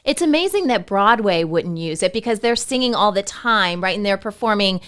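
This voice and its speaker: A woman's voice: medium pitch, expressive, normal speed, a bit bright, clear, resonant tone. A woman interviewing a vocal coach, asking short, curious follow-up questions in a casual chat.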